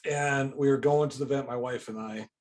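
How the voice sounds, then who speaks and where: A man in his fifties hosts a casual podcast, his voice at an ordinary male pitch. He tells relaxed anecdotes and keeps up friendly acknowledgements while his guest talks. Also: a little fast. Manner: friendly back-channelling, relaxed anecdote telling. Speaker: podcast host.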